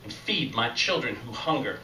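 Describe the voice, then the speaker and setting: A man voicing a calm, all-powerful male god who speaks in a slow, measured, folksy way. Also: mid-range voice, reverberant, distant mic, a little hiss or hum, pitched below the performer's own voice, low-quality recording.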